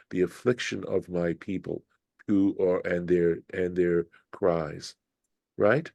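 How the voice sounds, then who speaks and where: A rabbi in his later years leads an unhurried scripture study, thinking aloud and circling back to rephrase. His voice sits very low and mellow. It is recorded close and dry. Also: creaky, no room sound. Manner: thoughtful, unhurried, reflective with many restarts. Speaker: rabbi teaching Torah study. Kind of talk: informal scripture lesson.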